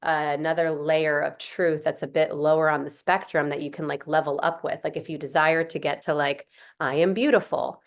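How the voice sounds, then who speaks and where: A woman hosting a podcast interview, talking in an earnest, gushing way with lots of "like" and "um". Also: sits low. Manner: earnest, gushing, many fillers like "like" and "um". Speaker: podcast host. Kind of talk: casual conversational interview.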